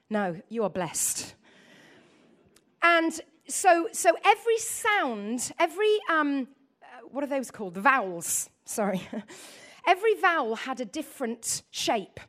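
Animated, high-voiced woman preaching. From north of England. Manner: animated, asks the audience questions, chatty asides. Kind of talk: lively sermon to a congregation.

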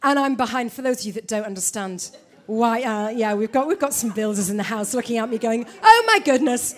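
A woman preaching a sermon, telling a story with animated delivery and calling out to the congregation. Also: on the high side, fairly quick.

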